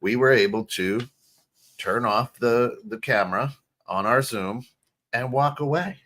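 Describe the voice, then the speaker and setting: A middle-aged American man co-hosting a podcast, talking in an animated, casual way, restarting phrases and often asking "right?". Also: mid-range voice, a little slow. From United States. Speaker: podcast co-host. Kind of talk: casual chat.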